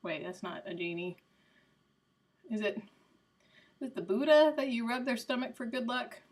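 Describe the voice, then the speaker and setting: A woman's voice: on the high side, lively intonation, normal speed. A woman live streaming in casual chat, rambling and answering her viewers by name. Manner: coos softly to her cat.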